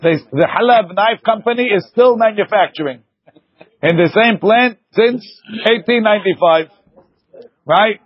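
A man teaching a lively Talmud class, arguing points back and forth with his students. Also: sits high, measured pace, breathy edge, highs cut off.

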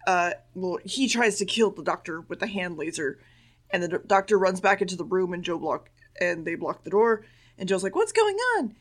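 A woman's voice: lowish voice, moderate pace. A woman co-hosting a podcast, casually recapping a show with blunt, sarcastic asides. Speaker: podcast co-host.

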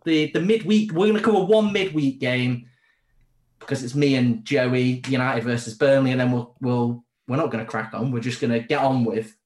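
A man's voice: mid-range voice, normal speed, a little mellow, roomy sound. A man hosting a casual football podcast from home, rambling and swearing through laughing banter. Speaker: podcast host. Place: home during lockdown.

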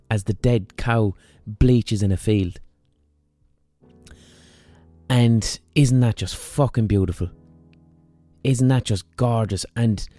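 A young Irish man with a lowish, mellow voice, recorded close and dry. He rambles through a comic story in a casual, swearing, offhand way. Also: no room sound. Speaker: podcast host.

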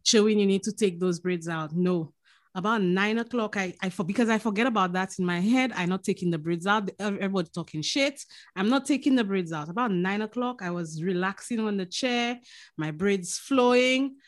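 Podcast co-host, Saint Lucian woman, mid-pitched, animated storyteller who laughs a lot. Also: fairly quick. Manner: lively storyteller, laughs often, swears freely. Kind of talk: casual chat.

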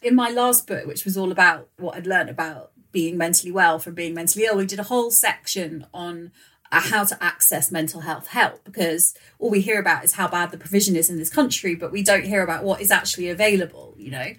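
A woman's voice: fairly low pitch, brisk, fairly bright tone. A woman hosting an interview who asks supportive, thoughtful questions. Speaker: podcast host.

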